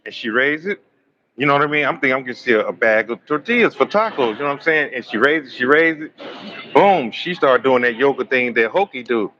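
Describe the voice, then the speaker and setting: A man hosting a live astrology stream, telling raunchy comic stories in an animated, slangy way and joking with his chat. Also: mid-range voice, fast talker, highs cut off, a little hiss or hum. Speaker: astrology livestream host. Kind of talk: live tarot reading with raunchy comic storytelling.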